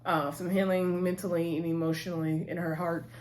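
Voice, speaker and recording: A woman's voice: lowish voice, flat delivery, a little fast, darkish tone. A woman hosting her own channel, giving a chatty, opinionated recap of a reality show with frequent asides to her viewers. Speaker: channel host. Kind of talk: casual reality-TV recap commentary.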